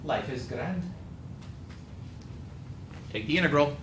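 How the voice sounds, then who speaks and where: A man's voice: fairly high pitch, lively intonation, slow pace. Tired math teacher guy cracking jokes at the board, roomy echo, faint hiss. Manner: joking, tired, talks to students by name. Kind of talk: classroom lecture. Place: classroom. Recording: echoey classroom with faint noise.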